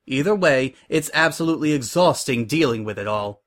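A man's voice: medium pitch, expressive, brisk, fairly bright tone, lightly acted. A man voicing a tired, polite female pony who runs a fashion house. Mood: weary polite. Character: weary refined female pony fashion boss.

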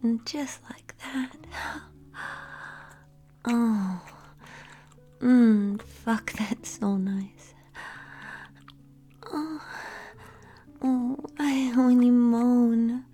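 Slow whispered role-play, young woman. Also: fairly high pitch, warm tone.

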